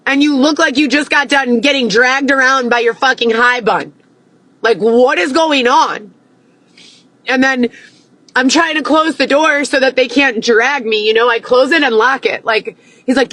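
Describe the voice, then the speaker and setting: A woman's voice: fairly high pitch, moderate pace, fairly bright tone, dry recording, rough recording. A young woman ranting to camera, agitated and heavy with profanity, repeating herself as she vents. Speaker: vlogger.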